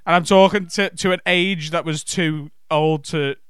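A man's voice: a little high, fairly even intonation, normal speed, a bit bright, a little hiss or hum. A man from Liverpool with a Scouse accent, a comedian chatting casually on a podcast and laughing easily. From Liverpool, England.

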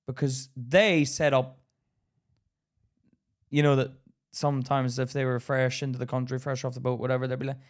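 Animated, swearing man from Ireland. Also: mid-range voice, moderate pace, pauses often. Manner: animated storyteller who swears and acts out quotes. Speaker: podcast co-host. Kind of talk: casual chat.

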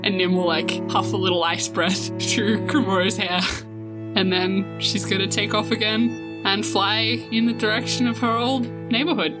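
A woman's voice: medium pitch, steady tone, normal speed, over loud music. A woman playing a tabletop role-playing game, casually narrating her character's actions and talking in character. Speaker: player.

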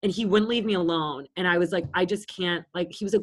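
A woman's voice: fairly low pitch, fast talker. A woman around thirty, co-hosting a podcast and telling stories in a casual, blunt and profane way. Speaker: podcast co-host. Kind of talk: casual chat.

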